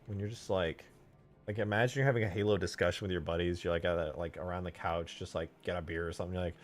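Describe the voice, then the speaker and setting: A man's voice: low-pitched, fairly even intonation, quick pace, faint music behind. A man streaming as a game modder, thinking aloud in a rambling, crude and joking way. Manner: rambling and crude, joking to himself while he works. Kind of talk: casual livestream commentary.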